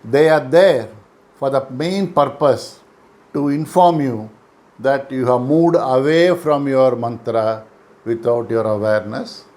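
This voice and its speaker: Guy teaching meditation, calm and steady, repeats key bits, mid pitch. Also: slow. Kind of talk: instructional lecture.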